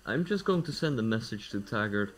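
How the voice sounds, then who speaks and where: A man's voice: on the low side, big pitch swings, a little fast, slight background noise. A man chatting as a player in a tabletop role-playing game, blunt and swearing freely. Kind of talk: casual chat during a tabletop game.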